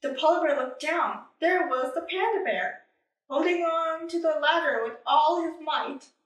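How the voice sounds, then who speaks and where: A woman reading a children's picture book aloud in an expressive, animated way. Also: high-pitched, a little slow, recorded from a distance. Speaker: storybook reader. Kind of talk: children's story read-aloud. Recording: echoey room, away from mic.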